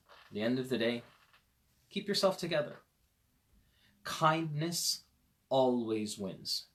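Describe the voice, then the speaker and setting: Animated male Islamic teacher, mid pitch. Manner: animated storyteller, swings between loud emphasis and quiet asides; conversational, addresses parents directly. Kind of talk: parenting lecture on a Quran verse.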